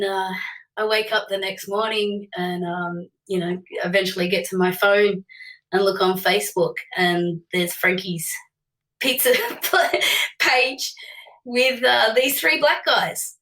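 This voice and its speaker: Bright-voiced woman telling a lively story. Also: mid-range voice, recorded from a distance. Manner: animated, acts out voices in quotes, laughs often. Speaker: singer telling a gig story. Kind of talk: casual anecdote.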